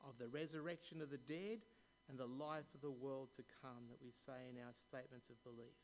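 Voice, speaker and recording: A man preaching in a slow, unhurried way, lingering over each phrase of scripture. His voice sits a little high for a man, and a faint hum runs under the recording. He puts questions to his listeners and lets verse endings fall away softly. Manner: slow, deliberate preaching with pauses and questions to the congregation; reads scripture aloud, dropping softly at the ends of verses. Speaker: pastor. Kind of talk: sermon.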